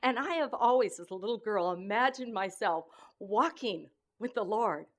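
A woman giving an informal sermon, earnest and emotional, speaking in halting phrases with many restarts between scripture readings. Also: mid-range voice, expressive. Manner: earnest and emotional, often tearful in tone. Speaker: speaker sharing a devotional message.

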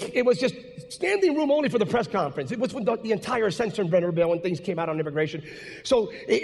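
A male pastor preaching a sermon, telling a story that builds into fervent, shouted preaching. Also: sits high, creaky, husky. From United States. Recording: long reverb of a large hall.

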